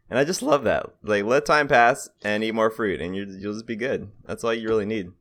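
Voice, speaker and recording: A man's voice: fairly low pitch, brisk, hardly any pauses, a bit bright. A young adult man co-hosting a podcast, chatting casually, laughing often and telling stories. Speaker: podcast co-host. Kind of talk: casual chat.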